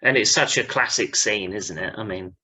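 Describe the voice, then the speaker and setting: A man's voice: on the low side, normal speed, sharp tone, husky. A man hosting a podcast in casual chat, upbeat and prompting the others to speak. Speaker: podcast host.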